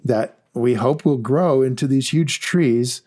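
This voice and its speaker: A man co-hosting a casual investing podcast, talking in an animated, rambling way with many restarts. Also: medium pitch, slow pace. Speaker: podcast co-host.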